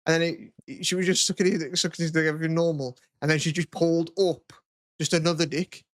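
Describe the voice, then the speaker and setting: A man's voice: fairly high pitch, steady tone, quick pace, dry recording, clean studio sound. A young man, co-hosting a casual podcast chat, rambling and swearing a lot. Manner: rambling, sweary, lots of "you know what I mean". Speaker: podcast co-host.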